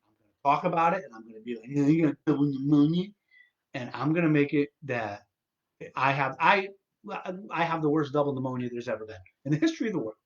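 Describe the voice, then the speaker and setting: A man's voice: mid-range voice, expressive, quick pace, fairly bright tone, dull audio. A man hosting his own live stream, sick and tired, ranting with exasperation and lots of swearing and false starts. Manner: exasperated, profane ranting with many restarts.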